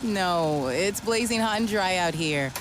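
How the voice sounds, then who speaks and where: Brief: urgent, scolding wife for a radio ad, played by a woman, lively voice over clear outdoor ambience. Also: on the low side, a little slow, background noise. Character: concerned wife scolding her partner. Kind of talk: scripted radio ad.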